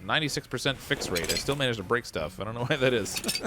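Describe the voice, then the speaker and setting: A man's voice: medium pitch, animated, fast talker, noisy background. A man casually chatting on a live stream while he plays a game, reading viewer comments and rambling with chuckles. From Canada. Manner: easygoing, rambling, with frequent "uh" and chuckles. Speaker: livestreamer playing a car repair game. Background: background music.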